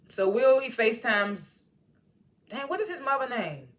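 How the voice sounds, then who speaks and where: A woman casually recapping and reviewing a TV episode, animated and slangy, with indignant asides as she retells the scenes. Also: fairly high pitch. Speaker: TV show reviewer.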